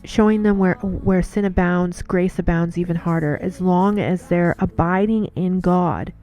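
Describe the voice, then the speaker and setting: A woman talks through a devotional monologue in an earnest, storytelling way, often repeating herself. Her voice sits low and sounds warm and mellow. Soft music plays faintly underneath. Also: fairly even intonation, a little slow. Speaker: Christian wife giving devotional talk.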